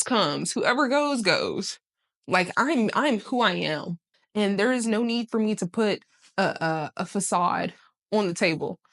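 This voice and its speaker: This is a young woman in her 20s, a vlogger, laughing a lot and casually cursing as she gives a lively, emphatic pep talk to the camera. Her voice sits in the mid range.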